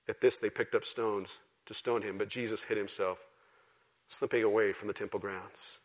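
A man preaching a sermon to a church congregation, swinging from loud, emphatic exhortation to quiet, intimate asides. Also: on the low side, moderate pace, long pauses. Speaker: pastor. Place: church service before a congregation.

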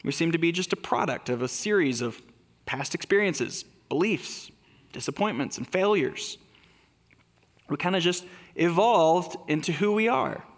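A man's voice: fairly high pitch, animated, measured pace, long reverb tail. A man preaching a sermon in a conversational way, asking rhetorical questions. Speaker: pastor.

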